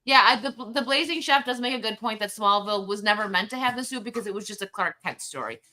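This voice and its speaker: A woman's voice: medium pitch, expressive, fast, pushed and bright. A woman co-hosting a casual livestream chat, laughing often and talking animatedly. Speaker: co-host.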